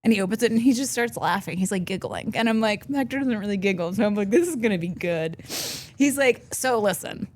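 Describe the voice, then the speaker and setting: Woman, podcast co-host, casual chat, animated storytelling, frequent laughs, middle pitch, studio mic. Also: fast talker, hardly any pauses. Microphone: studio microphone.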